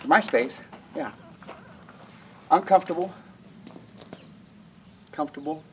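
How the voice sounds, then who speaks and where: A man's voice: a little high, takes it slowly, a little hiss or hum, poor audio. A man demonstrating mule halter training outdoors at a ranch, folksy and emphatic, who keeps asking his listeners questions.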